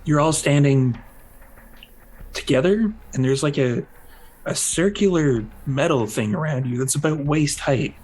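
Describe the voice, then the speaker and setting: Husky man narrating a tabletop game. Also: on the high side, a little mellow, low-quality recording. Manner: halting, loose descriptive narration with many fillers. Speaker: game master.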